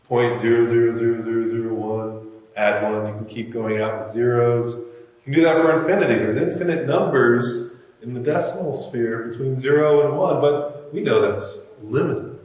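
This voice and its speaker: A man giving a reflective sermon, musing aloud with pauses. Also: medium pitch, a little mellow. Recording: echoey hall, mic far off.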